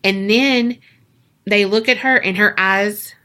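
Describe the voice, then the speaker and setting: Young female podcast co-host, bright tone, unhurried, foul-mouthed storyteller. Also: medium pitch, steady tone. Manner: slangy, profane, dramatic retelling. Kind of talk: casual storytelling chat.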